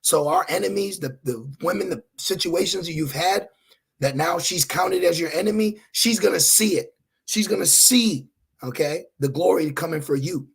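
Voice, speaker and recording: A man preaching in a rough, raspy voice with a gravelly edge, pitched a little high for a man. He scolds his listeners and drops in blunt, profane asides between the Bible verses he reads aloud. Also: normal speed. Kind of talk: online scripture teaching.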